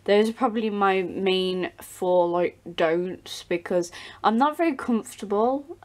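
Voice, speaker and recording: A woman's voice: medium pitch, measured pace. A teenage girl, chatting casually to her viewers in a rambling way, with many ums and restarts. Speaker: doll channel vlogger. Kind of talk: casual vlog chat. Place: home, behind the camera.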